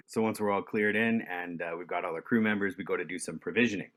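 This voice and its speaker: A man telling a story in a relaxed, chuckling way, with lots of fillers. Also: low-pitched, fast talker, few pauses. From Canada. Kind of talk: casual storytelling.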